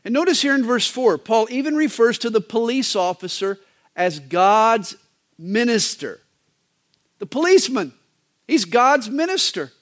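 A male pastor delivering a sermon in a folksy, joking manner, with wide swings in pitch. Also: big pitch swings, unhurried.

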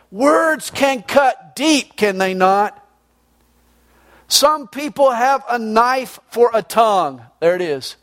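High-voiced man preaching a folksy sermon. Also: animated, slow, fairly bright tone, dry recording. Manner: folksy, reads scripture then explains it.

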